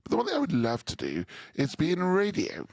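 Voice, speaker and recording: A man's voice: high-pitched, wildly swooping pitch, a little fast, no echo, pitched above the performer's own voice, heavily acted. A man voicing a posh, well-spoken middle-aged woman who talks in an airy, self-important way.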